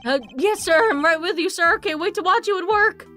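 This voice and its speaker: A woman's voice: extremely high pitch, a little fast, faint music behind, pitched above the performer's own voice. A woman voicing a young, eager police officer in a game who fawns over his superior. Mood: fawning. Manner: bright, eager and obsequious.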